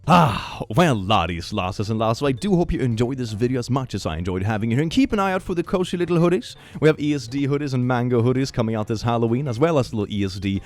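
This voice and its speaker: A man hosting a casual reaction show, commenting on posts with animated, amused asides. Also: mid-range voice, racing, hardly any pauses.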